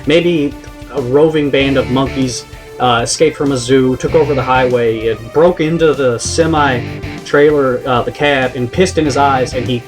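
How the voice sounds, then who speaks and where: A man ranting on a vlog, exasperated and profane, rambling with many restarts. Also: mid-range voice. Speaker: vlogger. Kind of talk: comedic rant vlog.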